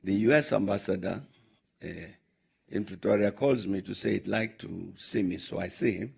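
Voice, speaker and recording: An older South African man telling a long anecdote at a question-and-answer session, measured and pausing often with "uh" as he recounts conversations. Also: on the low side, darkish tone. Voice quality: gravelly, husky. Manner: measured, recounting dialogue with frequent "uh" pauses. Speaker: former head of state answering questions. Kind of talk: anecdotal storytelling in a Q&A.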